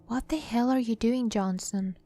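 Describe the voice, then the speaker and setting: A man's voice: high voice, level tone, moderate pace, darkish tone, soft background music, close to an everyday voice. A woman voicing an irritated young male soldier who swears at a comrade in a scary story. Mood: annoyed. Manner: gruff, swearing.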